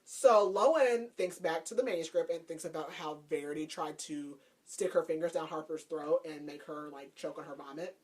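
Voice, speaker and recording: A woman's voice: sits low, moderate pace, few pauses. A woman podcast host casually recapping a book's plot, chatty and laughing, with lots of "like". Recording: voice a bit far from the mic.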